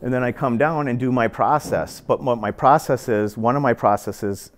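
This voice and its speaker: A man's voice: medium pitch, moderate pace. A man in his fifties giving a casual, earnest pool lesson, repeating phrases as he demonstrates his stroke. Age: 50s. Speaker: pool instructor. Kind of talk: casual instructional talk. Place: billiard club.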